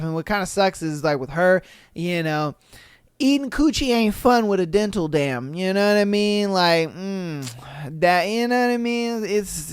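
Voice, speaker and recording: A podcast host who reads listener stories aloud and reacts with loud laughter and plenty of swearing. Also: medium pitch, clear, resonant tone, dry recording, clean studio sound. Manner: profane, laughing, animated reactions.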